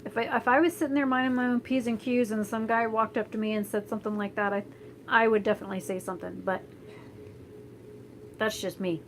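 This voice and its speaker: A woman's voice: a little high, steady tone, fairly quick, slight background noise, low-quality recording. A young woman from Florida in a casual, rambling chat to camera, blunt and full of fillers and restarts. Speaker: vlogger. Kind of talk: casual chat while doing hair, reading live chat. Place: home, indoors.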